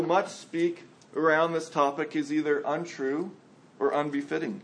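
Male pastor, fairly high voice, earnest and conversational sermon delivery, briefly acts out quoted speakers.

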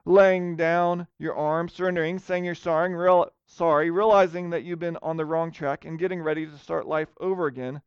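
A man's voice: a little high, fairly even intonation, moderate pace, hardly any pauses, clear, resonant tone, dry recording, highs cut off. A man preaching a sermon in an earnest way, rising to emphatic questions. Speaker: pastor.

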